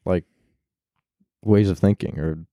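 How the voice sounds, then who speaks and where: A man's voice: low-pitched, fairly even intonation, slow, mellow, dry recording, studio quality. A young man co-hosting a podcast, laid-back and profane, with lots of likes. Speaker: podcast co-host. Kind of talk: casual chat.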